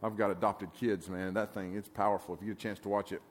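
A man's voice: fairly low pitch, level tone, fast. A middle-aged man, giving a rambling, folksy talk to a youth camp and often checking that his listeners follow him. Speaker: camp speaker. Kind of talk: conversational sermon to a youth group.

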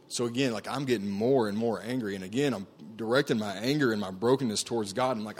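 A man's voice: lowish voice, fast talker, hardly any pauses, breathy edge. A man telling his personal testimony to a group in an earnest, conversational way, with frequent fillers and restarts. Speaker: camp staff speaker sharing his testimony.

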